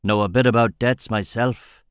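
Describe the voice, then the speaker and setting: A man doing a gruff, stubborn old warrior. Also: mid-range voice, fairly even intonation, moderate pace, no echo, clean studio sound, natural voice. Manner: growling, blunt drawl.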